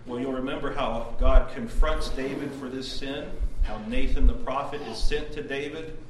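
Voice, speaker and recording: A man preaching a devotional sermon at a prayer meeting, retelling with earnest emphasis and swings in loudness. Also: medium pitch, fairly even intonation, moderate pace. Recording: roomy distant recording with background noise.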